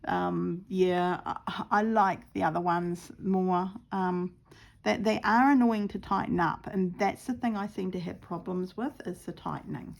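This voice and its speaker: A woman casually talking viewers through her stitching, chatty and quick to laugh at her own mishaps. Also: fairly low pitch, gravelly. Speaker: craft vlogger.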